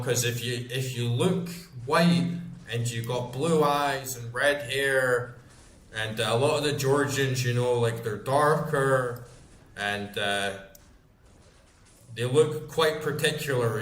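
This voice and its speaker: A man's voice: medium pitch, a bit bright. Scottish streamer in his thirties, loose and sweary, mid-range voice in a roomy space. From Scotland. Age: 30s. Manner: rambling, swears freely, chatty storytelling. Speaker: gaming streamer. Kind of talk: casual chat while gaming.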